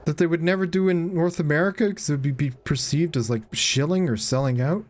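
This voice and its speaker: A man streaming a video game in casual chat, reacting out loud and swearing freely as he talks with viewers. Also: on the high side, fairly quick. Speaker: gaming streamer.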